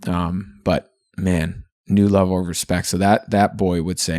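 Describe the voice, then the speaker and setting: Low-voiced man, earnest podcast chat. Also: flat delivery, measured pace, few pauses, a little mellow, no echo, clean studio sound. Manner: earnest, reflective, chatty with frequent fillers. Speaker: podcast co-host. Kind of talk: candid podcast conversation.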